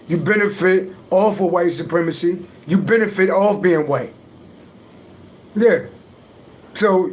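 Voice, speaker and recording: A man's voice: high voice, a little hiss or hum. Blunt, preachy man on a livestream. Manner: blunt, preachy, profane, emphatic. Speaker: livestream host, astrology reader. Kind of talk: casual livestream talk.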